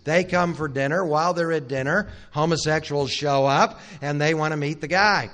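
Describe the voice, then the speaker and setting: A man's voice: on the high side, moderate pace, few pauses, a bit bright. Man telling a Bible story from the pulpit. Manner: conversational storyteller who acts out the characters' lines; asks the audience questions and adds wry asides. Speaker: Bible conference speaker. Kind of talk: teaching sermon, Bible storytelling.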